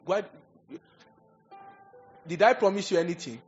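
A man preaching a sermon, animated and conversational, acting out little scenes as he goes. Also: fairly high pitch, unhurried, highs cut off, faint music behind. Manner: animated preaching with acted asides. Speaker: pastor.

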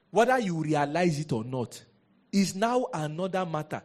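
A man preaching a sermon as a pastor, lively and rhetorical, often asking the congregation questions. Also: fairly high pitch, a little slow.

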